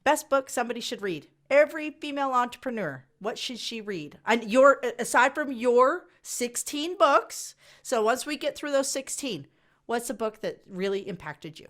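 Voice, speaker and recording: A woman's voice: on the high side, animated, normal speed, fairly bright tone. A woman hosting a podcast who sounds enthusiastic, talks straight to her listeners and asks her guest questions. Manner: enthusiastic, addresses listeners directly. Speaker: podcast host. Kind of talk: casual interview.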